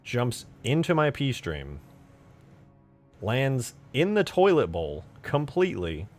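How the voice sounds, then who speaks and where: A man's voice: medium pitch, huge pitch swings, takes it slowly, a little mellow, soft background music. A young man hosting a game modding channel, chatting casually and rambling with lots of fillers and frequent laughs. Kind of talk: casual chat while modding.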